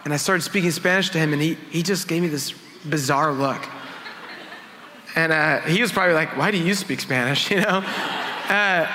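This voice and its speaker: A man with a high, bright, forceful voice preaches to his congregation in an easygoing, storytelling way. His words ring out with a long reverb through the church hall. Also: moderate pace, pauses often, slight background noise. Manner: conversational, self-deprecating storytelling. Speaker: worship pastor. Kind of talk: sermon with personal stories. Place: church sanctuary.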